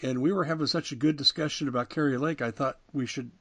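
A man's voice: medium pitch, steady tone, fast, fairly bright tone. A man hosting a talk radio show, delivering an emphatic monologue that rises and falls with indignation. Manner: emphatic, rising and falling with indignation.

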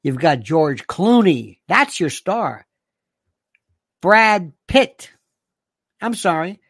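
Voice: mid-range voice, sing-song, extremely slow, a bit bright, no echo, clean studio sound. A host from the United States giving an opinionated monologue and reading out viewer comments, ranting and sarcastic, full of insults and rhetorical questions.

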